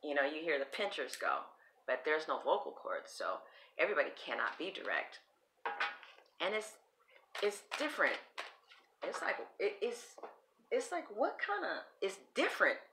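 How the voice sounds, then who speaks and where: A woman's voice: sits low, very animated, moderate pace, pauses often, noisy background. A woman reading tarot cards in a casual vlog, rambling, blunt and swearing freely. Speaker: tarot reader.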